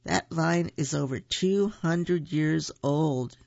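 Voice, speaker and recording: A storyteller voicing a kindly older gentleman who speaks gently and slowly, gravelly, in a dull, dry recording. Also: mid-range voice, dry recording.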